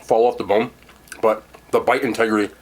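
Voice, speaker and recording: With a breathy edge to his lowish voice, a young New Jersey man reviews food in an eating vlog, speaking a little fast with fairly even intonation. He is enthusiastic and talks while chewing.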